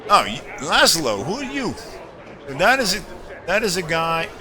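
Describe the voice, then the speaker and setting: A man's voice: high-pitched, unhurried, a crowd in the background. Man rambling through game commentary. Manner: rambling, jokey, reads game text aloud. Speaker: streamer. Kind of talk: casual gameplay commentary. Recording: steady background noise.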